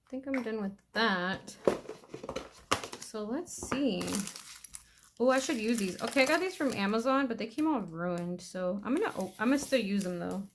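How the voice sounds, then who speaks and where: A woman's voice: on the high side, lively intonation, normal speed, background noise. A young adult woman chatting casually at home while doing her own nails, thinking aloud, trailing off and correcting herself. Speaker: nail vlogger. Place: home, at her nail table.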